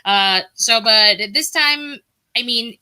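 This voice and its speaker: Woman guest from Brooklyn, very bright tone, rambling casual chatter, talking over a video call. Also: fairly high pitch, slow pace, clear, resonant tone. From Brooklyn, New York. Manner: chatty and rambling, many filler words. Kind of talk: casual chat on a live-streamed talk show.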